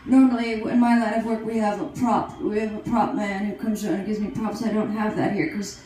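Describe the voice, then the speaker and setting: A woman's voice: medium pitch, flat delivery, brisk, mellow, slight background noise, lightly acted. A woman playing a vain, self-dramatizing aging female celebrity who hosts a comedy show, talking in a rambling, brassy and crude way on a comedy stage. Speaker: comedy show host persona. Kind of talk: stand-up character comedy. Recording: very echoey live room.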